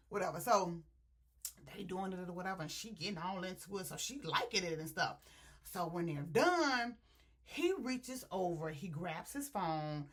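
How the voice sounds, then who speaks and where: A woman reviewing a book, retelling scenes in an animated, chatty way and talking straight to her viewers. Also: on the low side, husky. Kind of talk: casual story retelling.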